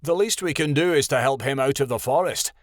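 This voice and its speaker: A man's voice: mid-range voice, fairly quick, dry recording, studio quality, pitched above the performer's own voice, close to an everyday voice. A man voicing a serious, protective young male wolf. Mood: stern. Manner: stern, urgent.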